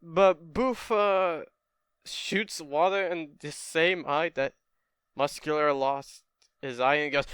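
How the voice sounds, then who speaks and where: Brief: laid-back young male storyteller, crisp and dry close mic. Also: fairly high pitch, slow, a bit bright, no echo. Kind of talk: casual fan-story retelling.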